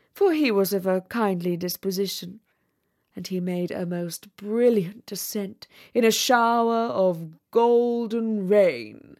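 Woman reading a haughty firework rocket, storybook voice, self-important, dramatic, unhurried delivery, middle pitch. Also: darkish tone. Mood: boastful. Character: conceited pompous male firework rocket.

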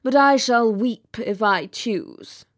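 Brief: woman voicing a self-important storybook rocket, pompous and tearful, theatrical and unhurried. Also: on the high side. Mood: sulky. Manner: melodramatic, wailing, self-important. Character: pompous self-pitying male firework rocket.

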